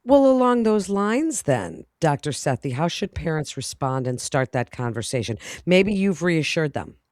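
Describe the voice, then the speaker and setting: A woman's voice: deep voice, very animated, moderate pace, a little mellow, no room sound, studio quality. A woman in her fifties hosts the interview, framing her questions at length in a friendly way. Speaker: host.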